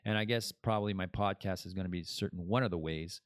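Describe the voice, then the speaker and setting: A man's voice: low-pitched, quick pace, no echo, clean studio sound. A man hosting his own podcast in a casual, rambling monologue that drifts between topics and laughs at his own jokes. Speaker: podcast host.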